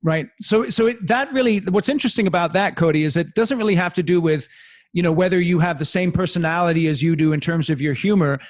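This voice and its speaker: A man's voice: high-pitched, fast talker. A man hosting a podcast, chatting and asking follow-up questions. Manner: conversational, asks follow-up questions. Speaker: podcast host. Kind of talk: interview.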